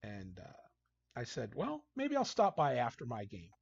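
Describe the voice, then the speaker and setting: A man's voice: mid-range voice, normal speed, creaky, husky, no room sound. A man, a hockey coach guest, telling casual anecdotes and acting out what people said. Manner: animated storyteller, acts out quotes. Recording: dull, dry lo-fi sound.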